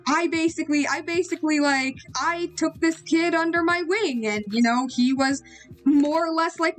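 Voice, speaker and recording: A woman's voice: high voice, lightly acted. A woman voicing a fatherly male knight who rambles defensively about his student.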